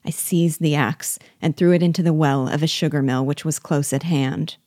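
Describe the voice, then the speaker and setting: Low-voiced woman reading a classic novel slowly. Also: steady tone, dark tone, no echo, clean studio sound. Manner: slow, measured reading. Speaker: reader and teacher.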